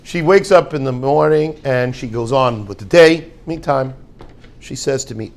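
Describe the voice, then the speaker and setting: A man's voice: medium pitch, measured pace. A man, a rabbi heading a yeshiva, giving an informal talk with rambling jokes and Yiddish words.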